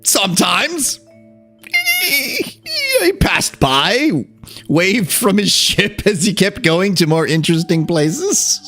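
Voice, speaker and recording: A man's voice: sits high, takes it slowly, soft background music. A man with a Southern California accent hosting a livestream, reading aloud and joking with his chat. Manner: animated, joking, swears, riffs on chat. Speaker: streamer host.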